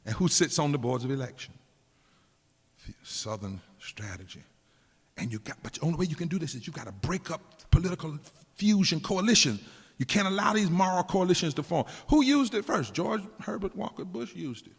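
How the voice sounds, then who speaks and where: A man's voice: big pitch swings, husky. Preaching man in an echoing hall. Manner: emphatic preaching cadence, dropping low and slow for weight. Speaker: preacher and activist speaker. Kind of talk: preached political speech. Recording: long hall reverb.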